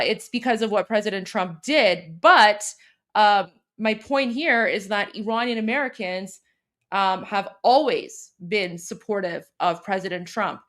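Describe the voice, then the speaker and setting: A woman's voice: a little high, a bit bright. Chatty Canadian woman hosting a commentary stream. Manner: chatty, many fillers and restarts, translating. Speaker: host. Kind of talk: casual commentary.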